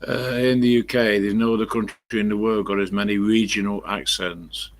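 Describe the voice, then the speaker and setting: A man's voice: on the low side, little pitch movement, moderate pace. A man with an East Midlands accent, chatting casually at home to his live-stream viewers and rambling through anecdotes at a desk mic. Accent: East Midlands English. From England. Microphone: desk microphone he leans away from.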